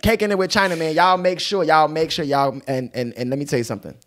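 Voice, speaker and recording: A man co-hosting a casual podcast, talking in an animated way and breaking into sing-song hype. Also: on the high side, quick pace. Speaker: podcast co-host.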